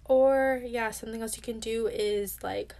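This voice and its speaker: A woman's voice: fairly high pitch, fairly even intonation, normal speed, vocal fry, a little mellow. A young adult woman hosting a self-help podcast, talking candidly and casually, filling her speech with "like" and swearing now and then. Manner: chatty, heavy use of "like", candid and swears casually. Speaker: podcast host.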